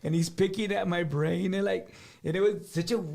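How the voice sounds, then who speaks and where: High, animated man. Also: normal speed, vocal fry. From South Texas. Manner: animated, laughing, repeats words. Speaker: guest musician. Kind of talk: casual storytelling.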